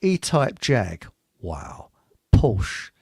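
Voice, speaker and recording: A man's voice: on the low side, big pitch swings, vocal fry, darkish tone, husky, dry recording, clean studio sound. A British man hosting a casual chat show, joking and rambling, reading out viewer comments. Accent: British English. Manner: joking, rambling, quick laughs. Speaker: show host.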